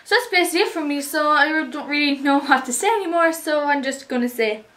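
A woman's voice: high-pitched, fast talker, a bit bright. A teenage girl with an Irish accent chatting to the camera in a casual, rambling and upbeat way. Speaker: vlogger.

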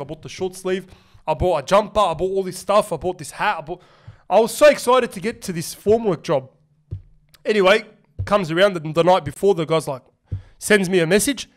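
Fast-talking young Australian man. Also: sits high. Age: young adult. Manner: animated, slangy, swears often. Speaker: podcast host. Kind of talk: casual storytelling chat.

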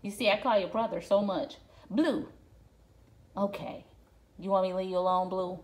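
A woman's voice: mid-range voice, fairly even intonation, moderate pace, darkish tone. A woman talking to her dog on camera at home, scolding and coaxing it in a sing-song pet-talk voice. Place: at home by a window.

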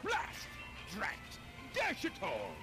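Fussy shopkeeper with a fake British accent, very high and swooping, game music behind. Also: male voice, wildly swooping pitch, takes it slowly, heavily acted. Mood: flustered. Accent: put-on British. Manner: theatrical, fussy exclamations. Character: excitable male shopkeeper with fake British airs.

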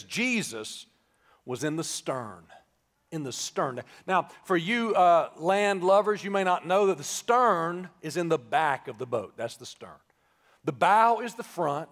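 A man preaching a live sermon as pastor, conversational and joking, then building to shouted emphasis. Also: high-pitched. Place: church sanctuary, live service. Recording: live church with long reverb.

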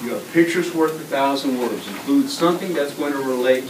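A middle-aged man giving an energetic, interactive presentation to a school class, often asking the children questions. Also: medium pitch, brisk. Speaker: guest presenter. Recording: echoey classroom taped from far off with noise.

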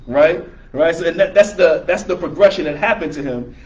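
Man explaining scripture, slightly high voice. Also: fairly quick, dull audio. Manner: conversational, rephrasing verses in plain words. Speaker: religious teacher. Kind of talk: explanatory Quran class. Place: room with a small audience, filmed by camera.

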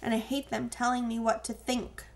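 A defiant teenage boy, read by a woman in an audiobook, earnest and insistent with a bitter edge. The voice is a bit high and gravelly. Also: flat delivery, normal speed, lightly acted.

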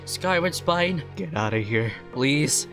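A man's voice: on the high side, expressive, normal speed, soft background music. Melodramatic young gaming vlogger guy. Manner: melodramatic, swinging from nervous pleading to loud frustrated ranting. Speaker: gaming video creator. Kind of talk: gaming vlog commentary.

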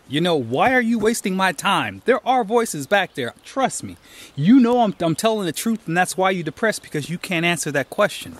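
A man talking casually while hiking outdoors, telling stories and giving emphatic advice in a rambling way, recorded on a handheld camera. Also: high voice. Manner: rambling, storytelling, emphatic asides. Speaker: hiker vlogger. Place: outdoors on a trail.

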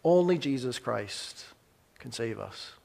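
A man preaching a sermon as pastor, pausing dramatically and swinging between emphatic lines and hushed, soft ones. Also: medium pitch, expressive, creaky, big-room sound.

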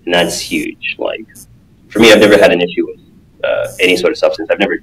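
A man talking as a guest in a casual podcast interview, a martial arts coach who speaks earnestly and acts out quotes in an animated way. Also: low voice, fast, creaky, rough recording.

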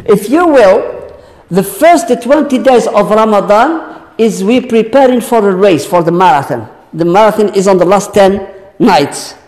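Male lecturer addressing a congregation; slow, emphatic rhetorical questioning; echoey hall recording. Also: high voice, lively intonation, a little mellow. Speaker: Islamic teacher. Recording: long reverb of a large hall.

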